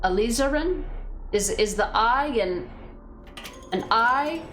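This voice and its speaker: A woman's voice: medium pitch, moderate pace, a little hiss or hum. A woman streaming a game, chatting casually with her viewers and thinking aloud with fillers and restarts. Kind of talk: casual chat reading viewer comments.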